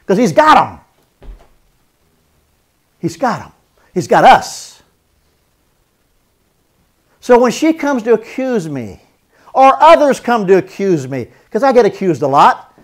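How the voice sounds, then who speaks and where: A man teaching a marriage seminar as a pastor, earnest, repeating phrases for emphasis and acting out spoken apologies. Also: high-pitched.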